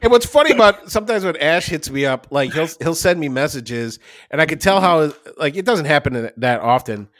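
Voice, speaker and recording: A man's voice: on the high side, lively intonation, brisk, hardly any pauses, a bit bright, dry recording. Restless, rambling male podcast co-host. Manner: rambling, restless, swears casually. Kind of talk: casual chat. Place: at his desk, recording remotely.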